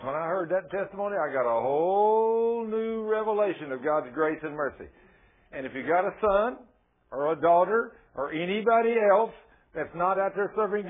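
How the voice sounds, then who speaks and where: Fervent high-voiced preacher on a tinny line. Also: male voice, slightly rough. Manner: fervent, folksy preaching with acted-out quotes. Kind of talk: sermon. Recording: tinny phone-like sermon recording.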